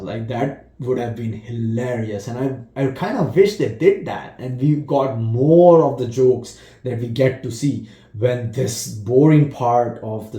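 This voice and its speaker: Rambling man with a very dark voice. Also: medium pitch. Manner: rambling, with frequent restarts and laughter. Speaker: movie reviewer. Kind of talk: casual spoken review. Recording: roomy echo.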